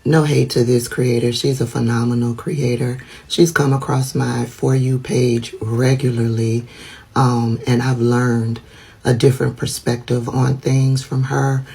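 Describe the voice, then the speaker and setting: A TikTok creator talking casually to camera in a measured, hesitant way, with fillers. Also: mid-range voice, level tone, gravelly, dark tone, slightly rough.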